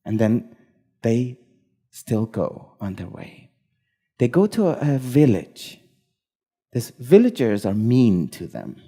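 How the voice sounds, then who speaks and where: A man telling a story at a live event, speaking in measured, short phrases. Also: medium pitch, big pitch swings, mellow, husky.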